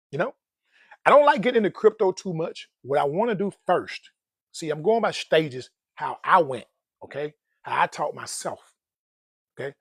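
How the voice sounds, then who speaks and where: A man's voice: a little high, breathy edge, no echo, clean studio sound. A man giving casual motivational talk about money and life, playful, laughing often and using folksy slang. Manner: folksy slang, calls listeners "man" and "dog". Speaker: personal finance vlogger.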